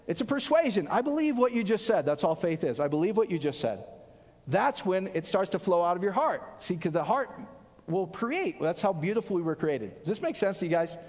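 A male pastor preaching an animated sermon, quizzing his audience and answering his own questions. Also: high voice, brisk. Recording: long hall reverb.

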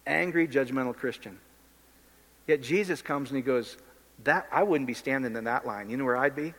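A man's voice: mid-range voice, moderate pace, fairly bright tone. A man preaching an informal sermon in a blunt, impassioned, conversational way, often addressing the listeners directly. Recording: long hall reverb.

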